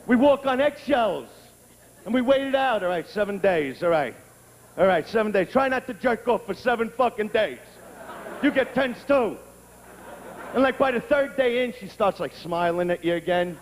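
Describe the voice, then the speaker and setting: A male stand-up comic with a very high voice, firing off crude stories in a brash, profane style and often bursting into shouts. His voice rings out with a long reverb over a faint background noise. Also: lively intonation, moderate pace. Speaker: stand-up comedian. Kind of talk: stand-up comedy set.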